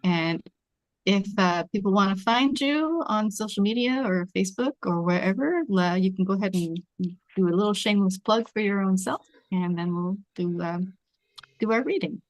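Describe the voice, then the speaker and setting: A woman's voice: mid-range voice, moderate pace, no echo. A woman from Washington state hosting an online table read over a video call, chatty and informal. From Washington state, USA.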